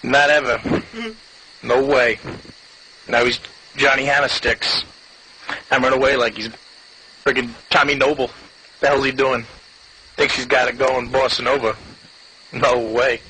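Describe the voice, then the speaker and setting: An actor playing a petty, foul-mouthed New York man with a heavy accent, rambling through an animated comedy bit. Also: medium pitch, measured pace, long pauses, a little hiss or hum, low-quality recording. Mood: scornful. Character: crude ranting New York guy, petty and scornful.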